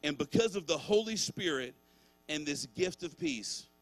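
A man's voice: fairly high pitch, animated, normal speed, dry recording, low-quality recording. A man preaching as pastor, conversational and searching at times, then building to fervent emphasis. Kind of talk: sermon.

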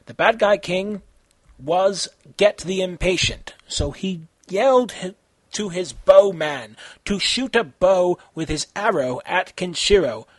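Man, amateur story reading, halting, self-correcting, husky, dry sound. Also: high-pitched, no echo. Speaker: fan fiction author reading his story.

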